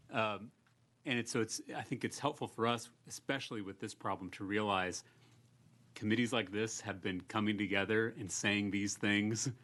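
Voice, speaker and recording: A man speaks at a legislative hearing, building up points with earnest, rhetorical questions. His voice sits low. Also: a bit bright. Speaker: state legislator. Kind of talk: committee hearing remarks.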